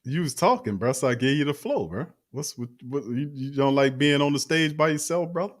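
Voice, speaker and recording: A man's voice: a little high, expressive, fairly quick. A man hosting a casual sports talk show, laid-back and teasing. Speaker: host.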